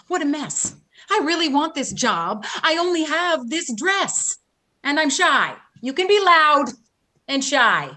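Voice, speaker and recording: A woman's voice: sits high, pushed and bright, heavily acted. A woman reading the role of a shy but talkative young American woman who rambles and fights tears, over a video call. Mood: exasperated. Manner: chatty, rambling, tearful.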